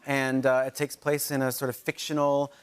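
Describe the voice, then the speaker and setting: A man chatting as a guest on a talk show in a dry, deadpan way. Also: medium pitch, normal speed, clear, resonant tone. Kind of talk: casual chat. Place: TV studio with live audience. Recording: studio audience and room noise.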